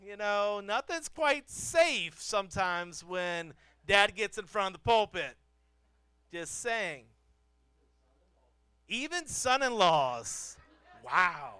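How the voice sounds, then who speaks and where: Animated, bright-voiced male pastor preaching. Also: high voice, a little slow, smooth, no room sound. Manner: animated, storytelling with self-deprecating humor; repeats phrases for emphasis. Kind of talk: sermon. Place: church pulpit.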